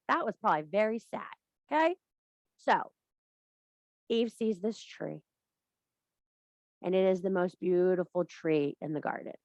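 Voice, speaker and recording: A woman leading a workshop who retells an old story in a profane, animated lecture and speaks straight to her audience. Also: fairly low pitch, dry recording. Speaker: workshop leader.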